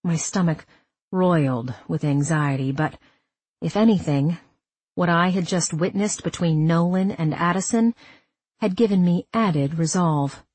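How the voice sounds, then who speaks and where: Female audiobook narrator, low breathy tone, dry close sound, steady first-person reading. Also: measured pace, dry recording.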